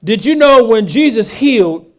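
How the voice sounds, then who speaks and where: A male pastor with a very high, animated voice delivers a sermon at a moderate pace. He fires rhetorical questions at the congregation, swinging between hushed asides and loud, emphatic lines.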